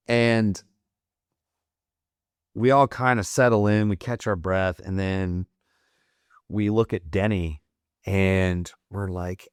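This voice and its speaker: Low-voiced, blunt-talking veteran man. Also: steady tone, slow, pauses often, fairly bright tone, clean tone, no room sound, studio quality. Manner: profane, blunt, matter-of-fact. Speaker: podcast guest, Marine veteran. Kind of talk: casual war storytelling.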